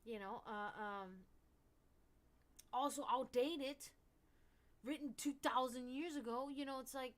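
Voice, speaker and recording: Frank, swearing woman streamer, fairly high voice. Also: moderate pace, long pauses. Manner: frank, profane and rambling, with many restarts; swings from low murmurs to loud outbursts. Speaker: stream host. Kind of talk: casual esoteric chat.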